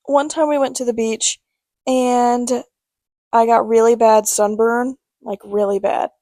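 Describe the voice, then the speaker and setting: Chatty woman, slightly high voice. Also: fairly even intonation, measured pace, warm tone, no room sound. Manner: laughing storyteller, chatty and playful. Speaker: podcast co-host. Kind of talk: casual chat.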